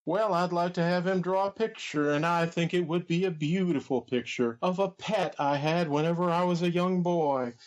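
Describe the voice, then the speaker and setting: A man's voice: high voice, normal speed, hardly any pauses, close to an everyday voice. A man doing an impression of a rambling old wrestler with a folksy drawl, on a comedy podcast.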